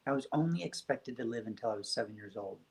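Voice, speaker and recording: A man speaking as a guest on a spiritual talk show, telling stories in a gentle, reflective way. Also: mid-range voice, animated, fast talker, rough recording.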